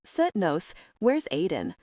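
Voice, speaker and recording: Female narrator voices older Swedish mother, soft accent, firm but gentle, dry read. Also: on the low side, wildly swooping pitch, slow pace, no echo, heavily acted. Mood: gently insistent. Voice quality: soft-spoken.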